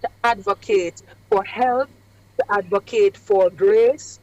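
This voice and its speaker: A woman, a radio guest coaching on public speaking in a measured, emphatic cadence with deliberate pauses. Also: medium pitch, a little mellow, dry recording, lo-fi sound. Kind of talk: radio interview advice. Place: away from the studio.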